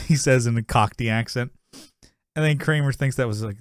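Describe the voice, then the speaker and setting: A man's voice: mid-range voice, moderate pace, pauses often, dry recording, studio quality. Rambling laughing male podcast host. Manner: rambling, laughs often, acts out quotes. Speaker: podcast co-host recapping a sitcom episode. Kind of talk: casual chat.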